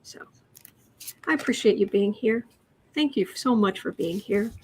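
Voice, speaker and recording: A woman hosting a casual tarot reading chat, talking haltingly with fillers and restarts. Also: medium pitch, lively intonation, a little mellow, a little hiss or hum. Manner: mimics the person she reads about. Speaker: host, tarot reader.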